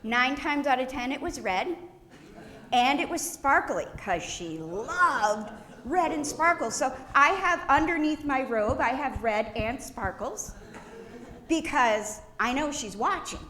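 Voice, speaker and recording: A woman pastor giving a funeral eulogy in a church, telling stories with gentle laughs. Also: sits high, animated, slow pace. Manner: warm storytelling with gentle laughs. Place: church sanctuary. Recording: echoey church room.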